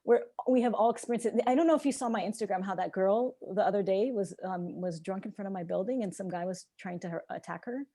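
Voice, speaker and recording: Young woman, podcast guest, rapid animated storytelling, warm mellow tone, acts out quoted voices. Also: medium pitch. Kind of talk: casual podcast conversation.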